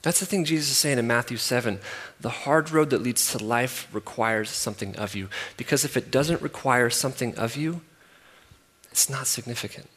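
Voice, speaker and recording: A man in his thirties preaching a sermon, emphatic and repetitive, swinging from loud to soft. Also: medium pitch, moderate pace, breathy edge. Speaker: pastor. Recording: long hall reverb.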